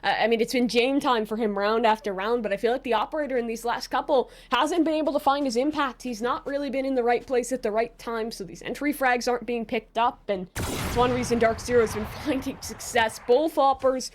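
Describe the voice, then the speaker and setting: A woman commentating on an esports match, giving measured, analytical breakdowns of the play. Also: on the high side, steady tone, a little hiss or hum. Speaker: esports color caster.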